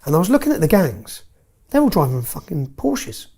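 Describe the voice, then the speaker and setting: A man's voice: on the high side, wildly swooping pitch, normal speed, gravelly, dark tone, breathy edge. A man telling stories with emphasis as an interview guest, often tagging his points with "yeah?". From England. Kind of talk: heated interview storytelling.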